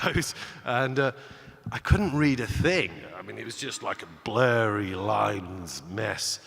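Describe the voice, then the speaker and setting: A man's voice: on the low side, a bit bright. A man speaking on stage at a conference, telling a personal story in a chatty way with many restarts and acted-out quotes. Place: large conference hall. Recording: long reverb of a large hall.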